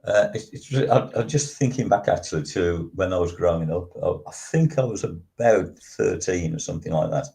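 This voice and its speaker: An older man in his seventies with a very low voice hosts a talk show. He reminisces unhurriedly, stopping and restarting often with ums. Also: expressive, gravelly, dark tone. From West Midlands, England. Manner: halting, with frequent restarts and ums. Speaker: radio show host. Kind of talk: casual reminiscing chat.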